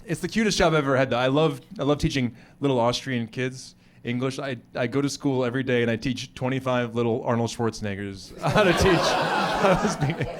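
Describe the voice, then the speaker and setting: An American man performing stand-up comedy, animated and acting out other people's voices. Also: mid-range voice, a little fast, hardly any pauses, slight background noise. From United States. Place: comedy club stage before a live audience.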